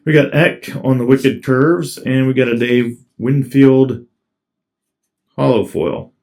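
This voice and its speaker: A man with a medium-pitched, darkish voice talks slowly and steadily while opening trading card packs. He's a card collector, laid-back and casual, reading off each card as he goes.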